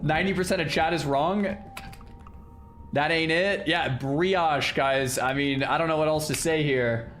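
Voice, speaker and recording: A male streamer chatting casually with his viewers in an animated, incredulous way. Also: on the high side, a little slow. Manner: animated, incredulous, talks to chat. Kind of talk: casual livestream chat.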